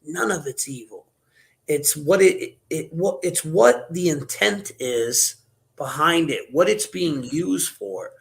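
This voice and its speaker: A man hosting a casual conspiracy-theory chat, rambling and animated with many restarts. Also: fairly high pitch, slow pace, vocal fry. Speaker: podcast host.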